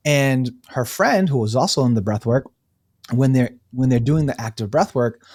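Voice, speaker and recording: Lively storytelling man with a dry sound. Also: medium pitch, moderate pace, no room sound. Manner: animated storyteller, acts out quotes, laughs easily. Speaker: breathwork facilitator, guest. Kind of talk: casual storytelling interview.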